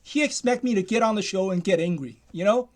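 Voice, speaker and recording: A man's voice: high voice, fairly quick. A man ranting in a commentary, emphatic and repetitive, often restarting his sentences.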